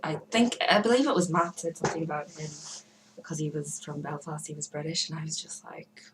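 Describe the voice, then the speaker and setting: In a hesitant, rambling monologue to camera from her bedroom, a young woman does shout-outs for forum members, full of fillers and false starts. Her voice sits low with lively intonation and runs a little fast. The rough recording has slight background noise.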